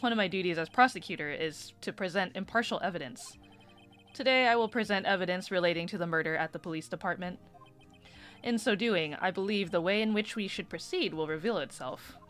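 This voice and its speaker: A woman voicing a cool, precise male prosecutor with a formal, deliberate delivery. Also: lowish voice, a bit bright, soft background music, natural voice.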